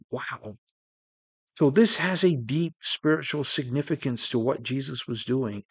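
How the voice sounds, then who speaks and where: A male preacher delivers a sermon in an earnest, steady voice. He slows right down on the words he wants to land. His mid-range voice sounds dry and close, with no room echo. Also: medium pitch, husky.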